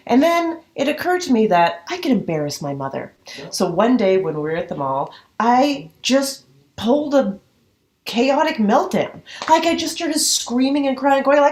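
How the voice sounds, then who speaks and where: A woman's voice: medium pitch, expressive, normal speed, reverberant. A woman telling a comic personal story over a video call, acting out the voices of herself as a child and her mother.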